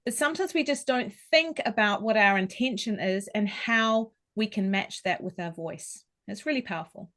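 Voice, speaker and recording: A woman talks as a vocal coach in a podcast interview. She explains clearly and carefully, and she shows each point by demonstrating how a voice can sound. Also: mid-range voice, moderate pace, hardly any pauses, fairly bright tone. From New Zealand. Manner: articulate, instructive, demonstrates vocal tones.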